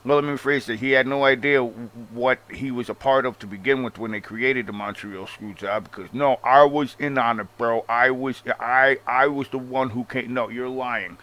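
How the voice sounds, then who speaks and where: A man's voice: mid-range voice, fairly even intonation, moderate pace, hardly any pauses, pushed and bright. A man ranting casually as a wrestling show host, sarcastic and full of swearing, calling the listener bro. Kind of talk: casual rant.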